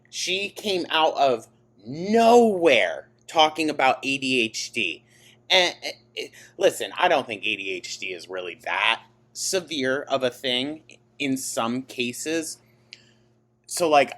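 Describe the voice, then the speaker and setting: Lively, slow-talking blunt co-host man. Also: medium pitch. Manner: animated, blunt, swears, quick asides. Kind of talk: casual chat.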